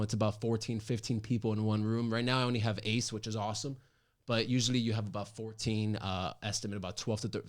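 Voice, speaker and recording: A man in his thirties, hosting his own talk show, tells a personal story in casual chat, animated and emphatic with many restarts. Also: fairly low pitch. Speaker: podcast host.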